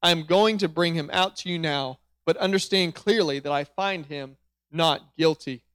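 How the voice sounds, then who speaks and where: A man voicing a stern male Roman governor in a read-aloud scripture passage, his questions slowed and stressed. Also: fairly high pitch, a bit bright, clean tone, no room sound, studio quality, close to an everyday voice. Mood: declaring.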